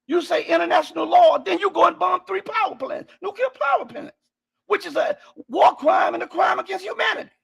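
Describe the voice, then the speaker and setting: A man's voice: extremely high pitch, fairly quick, creaky. A man giving heated, impassioned political commentary, firing off rhetorical questions and often raising his voice. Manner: heated, repetitive, rhetorical questions, bursts of shouting. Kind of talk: impassioned live-stream commentary.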